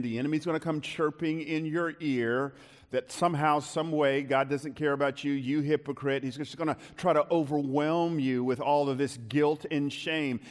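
A middle-aged male pastor preaching a sermon, slowing down and rising in pitch to stress his key lines. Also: long reverb tail.

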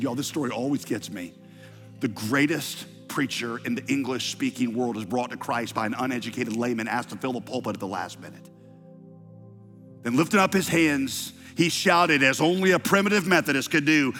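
A man's voice: medium pitch, normal speed, sharp tone. A man preaching a sermon, retelling and reading an old account with growing fervor. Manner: storytelling, reads a quoted account with rising fervor. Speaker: pastor. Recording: large hall reverb with faint music.

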